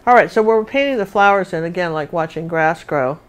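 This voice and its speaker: A woman's voice: fairly low pitch, lively intonation, brisk, clean tone. A woman teaching a live painting lesson, chatting and thinking aloud as she works.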